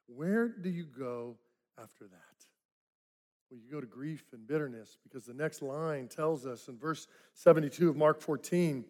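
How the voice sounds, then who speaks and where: Man preaching a dramatic, storytelling sermon. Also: moderate pace. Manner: dramatic storytelling, acting out quoted voices; drops to soft, low tones for reflective points. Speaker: pastor.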